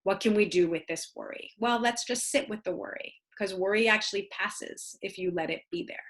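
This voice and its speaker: A woman's voice: mid-range voice, normal speed. A woman child psychologist giving practical parenting advice in a conversational talk, with earnest storytelling full of "um"s and "you know"s. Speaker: child psychologist guest speaker.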